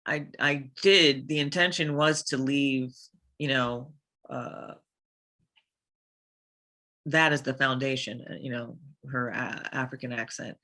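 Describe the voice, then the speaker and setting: Slow, bright-voiced woman guest. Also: extremely low pitch, steady tone. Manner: hesitant, many fillers and restarts. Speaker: voice actress guest. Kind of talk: casual interview chat.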